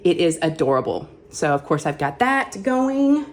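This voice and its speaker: A woman's voice: deep voice, very animated, normal speed, slight background noise. A woman chatting casually as host of a crafting vlog, rambling and self-deprecating.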